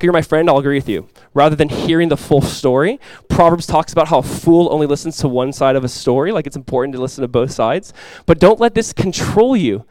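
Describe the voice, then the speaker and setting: A male pastor delivering a sermon in an easygoing, conversational manner, peppering it with fillers and asides. His voice sits somewhat high for a man. The sound is close and dry, with little room echo. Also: darkish tone, clear, resonant tone. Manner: casual conversational preaching with many fillers.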